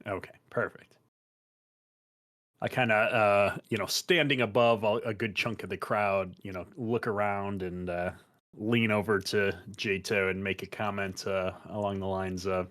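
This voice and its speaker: A man's voice: fairly low pitch, fairly even intonation, a little slow, a bit bright. A man playing a tabletop role-play game, talking with hesitant, stumbling restarts. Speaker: player.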